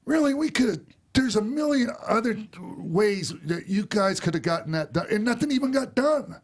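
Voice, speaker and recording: A man talks on a podcast in a high voice and rants with heat, swearing freely as he vents. His tone is casual and blunt. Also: lively intonation, normal speed. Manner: ranting, profane, heated. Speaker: podcast host.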